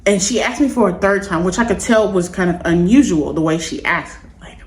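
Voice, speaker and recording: A woman vlogger with a fairly low voice tells a personal story straight to the camera. She talks in an earnest, confiding, meandering way. The sound bounces around an echoey room. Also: fairly quick.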